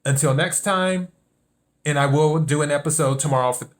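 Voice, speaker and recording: A man's voice: fairly high pitch, moderate pace. A man hosting a solo political commentary podcast, talking emphatically and repeating his key points. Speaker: podcast host.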